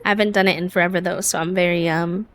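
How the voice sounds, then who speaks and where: A woman's voice: lowish voice, fairly even intonation, quick pace, fairly bright tone. A woman streaming a farming game, chatting casually with her viewers in a self-deprecating, giggly way. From United States. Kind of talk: casual chat while gaming.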